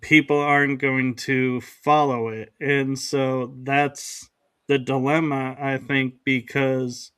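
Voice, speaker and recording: A man's voice: medium pitch, flat delivery, slow pace, fairly bright tone, clean tone, no room sound. A man hosting a podcast in casual conversation, speaking hesitantly with frequent restarts and acting out quoted remarks. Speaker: podcast host.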